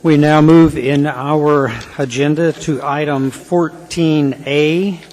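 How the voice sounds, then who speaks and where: A man chairing a city assembly meeting, running through motions and votes with brisk procedural calls. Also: fairly high pitch, steady tone, darkish tone. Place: city council chamber. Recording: reverberant council chamber.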